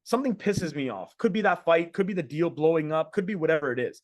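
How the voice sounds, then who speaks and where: A man's voice: on the high side, sing-song, brisk, no echo, studio quality. A man coaching other men on a group call, talking casually and bluntly, with some swearing and repeated words. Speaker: men's coach. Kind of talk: motivational talk to a group call.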